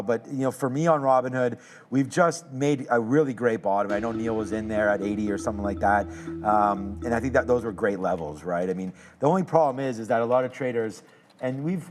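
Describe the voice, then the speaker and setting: A man hosting a live trading show, moving from teasing banter with a co-host into relaxed, thoughtful stock market commentary. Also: mid-range voice, slight background noise. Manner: joking, teasing, then thoughtful analysis.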